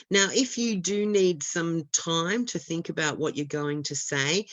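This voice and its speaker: A woman's voice: low voice, no echo. A woman teaching an online lesson on speaking exams, talking steadily and encouragingly and stressing key words. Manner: steady, encouraging instructor with lots of stress and intonation. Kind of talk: webinar lesson.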